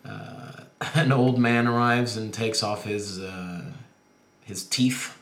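A man's voice: lowish voice, slow pace, fairly bright tone, reverberant. A man co-hosting a podcast in casual chat, with dry, wry humor. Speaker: podcast co-host.

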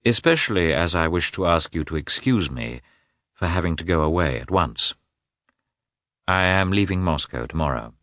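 A man's voice: sits low, animated, moderate pace, fairly bright tone, no echo, clean studio sound. A man reading a cold, formal, wounded middle-aged husband who talks in a clipped way, for an audiobook. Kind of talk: audiobook character voice.

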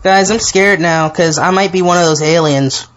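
Podcast host, mid-pitched, jokey and loose, quick to laugh. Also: fairly bright tone, lo-fi sound, slight background noise. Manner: joking, laughs often. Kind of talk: casual chat.

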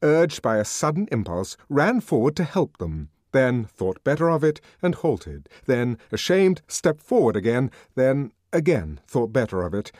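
Brief: male narrator, dramatic reading, pitch swinging wildly, dry close sound. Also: very animated, unhurried, few pauses, darkish tone, no echo. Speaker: audiobook narrator. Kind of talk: scripted narration.

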